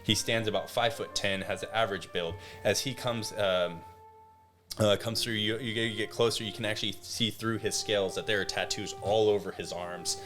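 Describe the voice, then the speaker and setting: A man's voice: fairly low pitch, steady tone, a little fast, over music. A man narrating a tabletop game as game master, casual and full of restarts. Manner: casual, many fillers and restarts.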